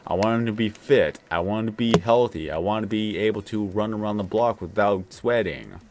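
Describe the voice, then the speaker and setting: Deep-voiced man hosting a late-night stream. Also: normal speed, noisy background. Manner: relaxed, rambling. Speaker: livestream host. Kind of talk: casual late-night livestream chat.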